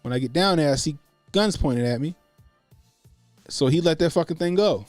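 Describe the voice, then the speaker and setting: Casual streamer, man, animated and profane, dry close mic. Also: a little high, normal speed, no echo, faint music behind. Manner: animated, profane, acts out quotes. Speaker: host. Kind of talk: casual livestream commentary.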